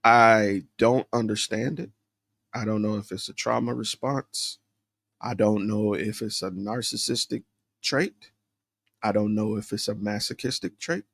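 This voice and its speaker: A man's voice: on the low side, fairly even intonation, measured pace, creaky, fairly bright tone, no echo. A man hosting a solo podcast, talking candidly and introspectively, rambling with fillers and restarts. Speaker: podcast host.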